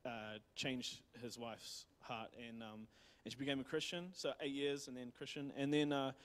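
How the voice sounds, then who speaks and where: A man's voice: medium pitch, fairly even intonation, moderate pace, clean tone. A man with a New Zealand accent retelling a missionary's story in a church talk, rambling with many fillers and restarts. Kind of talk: casual sermon storytelling.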